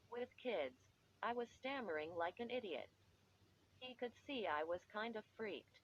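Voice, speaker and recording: A woman narrating a story in the first person, with a measured, expressive reading. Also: medium pitch, muffled recording, a little hiss or hum. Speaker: audiobook narrator.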